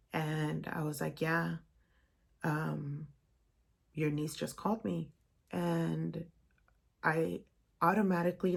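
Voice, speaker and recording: A young woman, telling a painful personal story in a vlog, halting and emotional, full of "like" and "um". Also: sits low, creaky, darkish tone, breathy edge. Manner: emotional, halting retelling with many "like" and "um". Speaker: vlogger.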